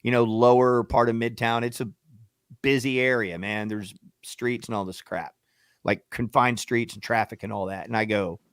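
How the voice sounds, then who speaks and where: A man's voice: medium pitch, fairly even intonation, moderate pace, no echo, clean studio sound. Profane storytelling radio co-host, male. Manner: profane, acts out shouting matches in quotes. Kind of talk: animated storytelling.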